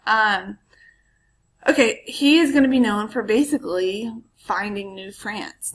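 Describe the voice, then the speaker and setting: A woman's voice: medium pitch, sing-song, slow pace, fairly bright tone, poor audio. A woman history teacher giving a casual recorded lecture, chatty and full of ums, with asides to her students.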